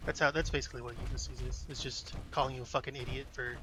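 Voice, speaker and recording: A man's voice: mid-range voice, steady tone, quick pace, hardly any pauses, bright, forceful tone. A man casually commenting on his own gameplay, rambling and muttering to himself with plenty of swearing. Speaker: let's play host. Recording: noisy gameplay recording.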